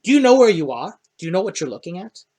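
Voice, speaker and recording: A sly, suspicious gnome warden captain, put on by a man. His voice sits a little high, and he keeps his tone hushed and probing. He needles strangers with pointed questions in a tabletop fantasy game. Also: big pitch swings, fast. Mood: warning.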